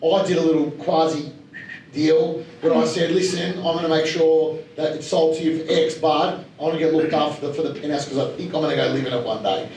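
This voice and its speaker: A man's voice: on the high side, fairly even intonation, a little fast, a little mellow. Chatty Australian man in a roomy hall. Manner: blunt and chatty, with many fillers and voiced quotes. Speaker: speaker at an investor evening. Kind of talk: casual storytelling talk to an audience. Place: large room at a live event. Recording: roomy echo, speaker heard from some distance, faint background hum.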